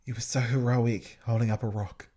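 Guy riffing on a tv episode as he watches, teasing and giggly, regular middle pitch. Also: flat delivery, moderate pace, warm tone. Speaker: podcast host. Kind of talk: joking watch-along commentary.

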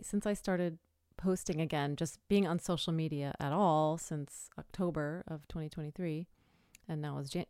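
A woman hosting her own podcast in a loose, rambling style, often going back to correct herself. Her voice is smooth and resonant and sits on the lower side for a woman. The sound is dry and close. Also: warm tone, no echo. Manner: chatty, rambling, self-correcting. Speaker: podcast host and voiceover artist. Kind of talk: casual solo podcast talk.

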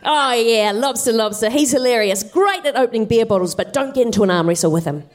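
A woman's voice: fairly high pitch, quick pace, natural voice. Woman doing a chatty gossipy fox, enthusiastic.

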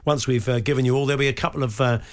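A man co-hosting a radio sports talk show, bantering and teasing in a quick, jokey way. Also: medium pitch, fairly even intonation.

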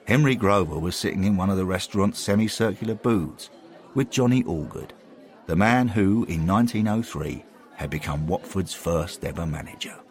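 A man narrating a scripted comic story in a wry, expressive way. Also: deep voice, moderate pace.

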